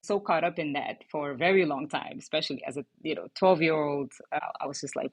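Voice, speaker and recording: A woman from Cape Verde, whose first language is Cape Verdean Creole, talks in a low, husky voice. She hosts a casual podcast and tells her stories with animated, acted-out dialogue. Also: a little fast, few pauses. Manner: animated storyteller acting out quoted voices. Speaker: podcast co-founder and host.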